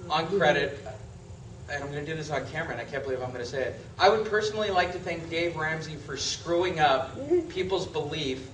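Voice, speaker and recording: A man's voice: fairly high pitch, a little fast, recorded from a distance, a little hiss or hum. Emphatic man lecturing in an echoey room. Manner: emphatic, animated, rhetorical questions. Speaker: real estate trainer. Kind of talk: seminar lecture.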